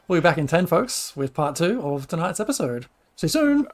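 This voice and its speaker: A casual game master narrates a tabletop session with a middle-pitched voice. The delivery is loose and chatty, with laughter often slipping in between descriptions. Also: lively intonation, normal speed.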